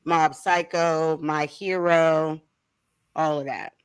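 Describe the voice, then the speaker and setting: A woman's voice: sits low, fairly even intonation, slow pace, clear, resonant tone. A woman hosting a casual chat, laughing easily and correcting herself in a flustered way. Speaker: podcast host.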